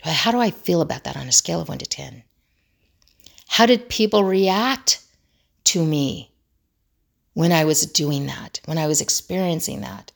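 A woman's voice: low voice, a little slow, gravelly, pauses often. A woman in her fifties hosting a self-help talk, telling family stories and acting out the people she quotes. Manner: animated storytelling, acts out quoted voices. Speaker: self-help podcast host. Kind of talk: casual monologue.

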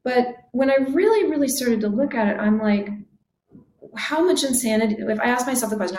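Reflective woman chatting, acts out little quotes, kinda higher voice, echoey room. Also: brisk, a little mellow. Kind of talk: casual conversation.

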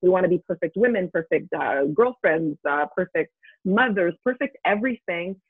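A woman's voice: lowish voice, expressive, normal speed, husky, dry recording. A middle-aged woman, a podcast guest, talking in a straightforward, emphatic way and laughing readily. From Canada. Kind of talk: casual interview talk. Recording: tinny phone line.

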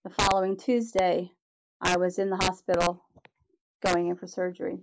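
A woman's voice: on the low side, monotone, normal speed, background noise. A middle-aged woman, a podcast guest, telling her personal story in a candid, earnest way and restarting her sentences often.

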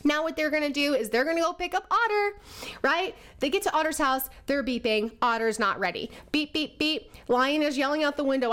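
A woman explaining personality types through a lively, animated story. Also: high-pitched, fairly quick. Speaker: presenter.

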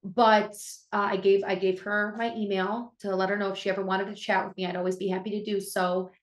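A woman's voice: medium pitch, flat delivery, brisk. A young adult woman, an abuse prevention educator and co-host, telling a story in an earnest, heartfelt way and often restarting her sentences. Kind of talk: conversational podcast storytelling. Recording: roomy echo.

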